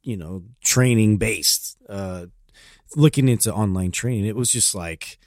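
A man's voice: lowish voice, measured pace, no echo, clean studio sound. A man co-hosting a podcast, talking hesitantly with lots of fillers. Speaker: podcast co-host. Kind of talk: casual podcast chat.

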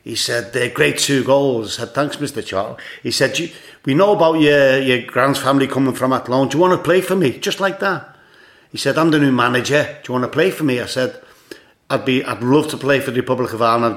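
A man in his sixties from Liverpool, England, speaks with a Scouse accent at a medium pitch, fairly quick and fairly bright. He's a former footballer appearing as a guest and telling anecdotes, repeating words a lot and saying "you know" often.

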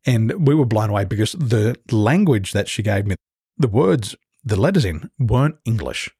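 Animated man, husky low voice. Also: normal speed, dry recording, studio quality. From Australia. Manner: animated anecdotes, acting out quoted voices. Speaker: guest, business coach. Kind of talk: storytelling interview.

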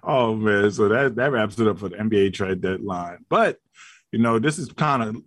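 A man's voice: fairly low pitch, normal speed, no room sound, studio quality. A man co-hosting a podcast, chatting casually in a playful, boastful manner. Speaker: podcast co-host. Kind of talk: casual chat.

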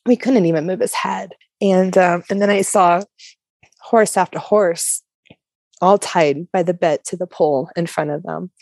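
A woman's voice: fairly low pitch, a little mellow, breathy edge, no room sound, studio quality. A woman from Colorado telling her personal faith story as a guest, candid and chatty with lots of "like" and "you know.". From Colorado, USA. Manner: earnest and open. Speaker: guest sharing her testimony.

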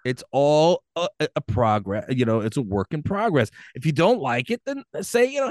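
Animated man co-hosting a podcast. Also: high voice, moderate pace, hardly any pauses, dry recording, clean studio sound. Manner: animated, playful, slips into loud hammy bits. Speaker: podcast co-host. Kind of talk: casual chat.

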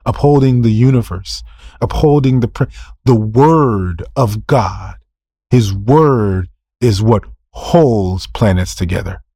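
A man's voice: lowish voice, takes it slowly, mellow, no room sound, clean studio sound. A male preacher delivering a sermon, emphatic, firing off rhetorical questions, answering them himself and repeating key phrases.

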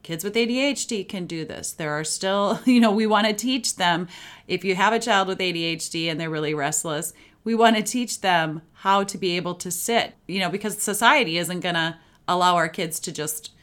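A woman's voice: fairly low pitch, normal speed, a bit bright. A woman, a parenting coach, hosting a solo podcast in an upbeat, matter-of-fact coaching tone.

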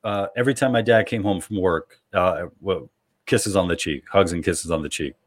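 A man's voice: low-pitched, normal speed. A man from New York hosting a podcast, talking in casual chat with many hesitations and repeats. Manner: hesitant, many uhs and repeats, then punchy jokes. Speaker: podcast host.

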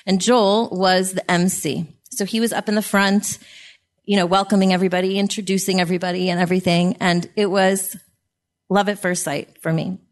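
A woman's voice: mid-range voice, level tone, a little fast. Reflective middle-aged woman recounting memories. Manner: warm, reflective, gently emotional. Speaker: podcast guest, host's wife. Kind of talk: personal storytelling.

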